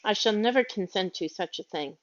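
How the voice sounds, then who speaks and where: A woman's voice: expressive, brisk, natural voice. A woman voicing a fussy, tearful, haughty older lady who frets shrilly over her dog, in a storybook reading. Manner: fretful and shrill, prone to wailing. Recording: dull lo-fi audio.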